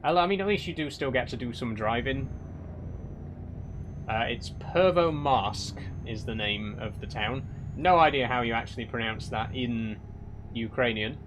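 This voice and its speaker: A man's voice: medium pitch, moderate pace, noisy background. Dry man chatting with viewers. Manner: dry, chatty, answers chat questions with mock exasperation. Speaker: streamer reading live chat. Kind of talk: casual live-stream chat while driving a truck game.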